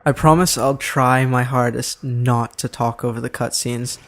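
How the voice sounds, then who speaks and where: A man's voice: mid-range voice, steady tone, unhurried, fairly bright tone. A man giving casual, analytical commentary over game footage, talking loosely and correcting himself. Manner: chatty, analytical, self-correcting. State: out of breath. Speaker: gameplay commentator.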